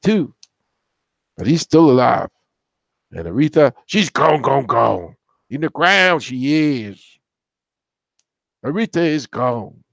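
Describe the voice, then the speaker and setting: A man hosts a casual album countdown at an ordinary mid pitch. He rambles and wanders, offering opinions and gossipy asides as he talks. The recording is dry and close, with no room sound. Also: gravelly, darkish tone, dry recording. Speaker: music show host.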